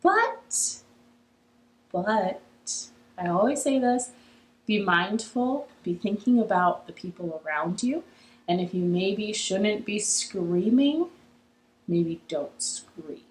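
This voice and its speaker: A woman's voice: mid-range voice, animated, slow, echoey room, slight background noise, rough recording. A young woman hosting a children's library storytime from her living room, cheerful and encouraging, leading songs and games. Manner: cheerful, encouraging, sing-song.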